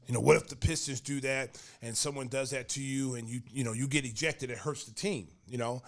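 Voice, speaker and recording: A man hosting a podcast, telling a story with animated energy and acting out other people's lines. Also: medium pitch, fast talker. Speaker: podcast host.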